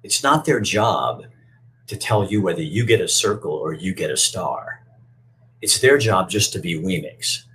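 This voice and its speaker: A man's voice: sits low, expressive, measured pace, a bit bright, rough recording. A man doing a wise, patient old toy maker. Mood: reassuring. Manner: patient, reassuring.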